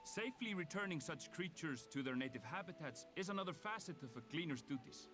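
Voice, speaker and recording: An actor with an Icelandic accent playing a calm, courteous male gleaner in a video game. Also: on the high side, fairly quick, music in the background, close to an everyday voice. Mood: explaining. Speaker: game character.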